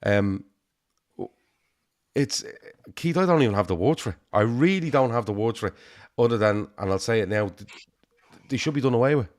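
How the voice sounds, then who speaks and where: A man's voice: medium pitch, animated, moderate pace, pauses often. A man hosting a football podcast, talking with many hesitant ums. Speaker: podcast host. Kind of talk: football chat.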